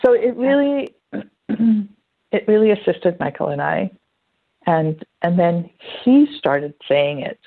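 A woman's voice: on the low side, takes it slowly, gravelly. A woman chats freely and tells stories, slipping into acted-out quotes. Her voice comes through thin and narrow, like a phone line. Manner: chatty, animated storytelling with acted-out quotes. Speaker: guest. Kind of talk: casual conversational interview.

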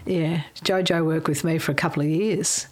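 A woman's voice: low voice, fairly even intonation, moderate pace, darkish tone. A middle-aged woman, a former chef telling rambling stories in a casual chat and laughing often.

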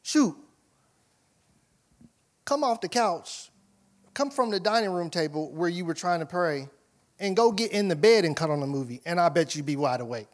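A male pastor preaching in a high, ringing voice. He punches questions at the congregation and then drops to quiet, intimate asides. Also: lively intonation, moderate pace, long pauses. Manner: emphatic preaching, rising to loud questions, dropping to soft asides. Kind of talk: sermon.

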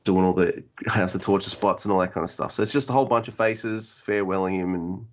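A man's voice: sits low, fast talker. A man co-hosting a casual wrestling podcast, laughing often and swearing freely. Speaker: podcast co-host. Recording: muffled lo-fi podcast audio.

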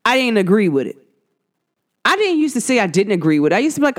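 Animated woman vlogging about astrology. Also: medium pitch, quick pace. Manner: animated, slangy, talks straight to viewers. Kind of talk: casual talk to camera.

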